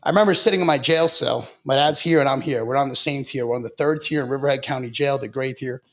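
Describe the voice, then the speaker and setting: A man from Long Island tells his story as a podcast guest, with blunt, profane candor. His voice is gravelly with a rough fry and sits at an ordinary pitch for a man. He speaks casually and drops "bro" into his sentences again and again. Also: fast talker, a bit bright. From Long Island, New York.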